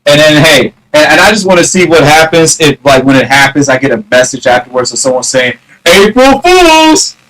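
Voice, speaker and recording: A man's voice: medium pitch, level tone, fairly bright tone, poor audio. A man rambling casually to his viewers on a phone live stream, greeting chatters by name and drawing out mock taunts. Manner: mock-challenging, drawn-out taunts. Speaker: livestreamer.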